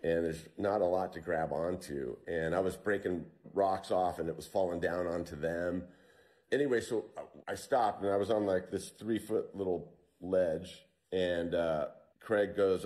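Deep-voiced man telling a survival story. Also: moderate pace. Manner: storytelling, relaxed with fillers and restarts. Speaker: interview guest.

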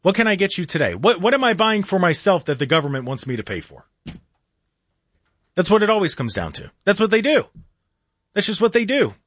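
A man's voice: high-pitched, very animated, a little fast, long pauses, a bit bright, dry recording, clean studio sound. A man in his thirties hosting a talk radio show, rambling through an opinionated monologue with sarcastic, mock-earnest asides. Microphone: studio microphone.

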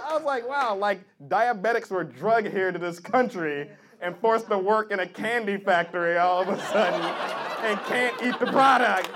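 A man performing a stand-up comedy set, loud and animated, shouting out the voices of characters in his bits. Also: very high-pitched, normal speed. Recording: live club set with loud audience laughter.

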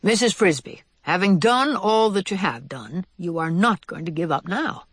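Reader doing a kindly old white mouse gentleman. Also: mid-range voice, expressive, slightly rough, no room sound, clean studio sound. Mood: reassuring. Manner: cordial, measured.

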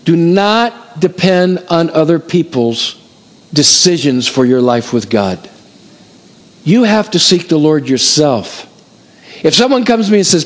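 A middle-aged man preaching a sermon as pastor, calling out to his congregation in an animated way. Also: a little high, unhurried. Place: church hall before a congregation.

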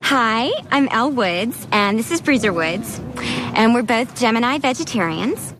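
Chirpy blonde Elle Woods. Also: female voice, fairly high pitch, animated, measured pace. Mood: perky. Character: bubbly young blonde woman law student. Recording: film clip with background noise.

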